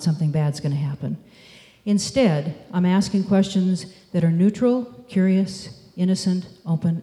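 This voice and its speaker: A woman giving a conference talk, telling stories in a measured, demonstrative way. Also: lowish voice, mellow. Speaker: speaker. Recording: echoey hall.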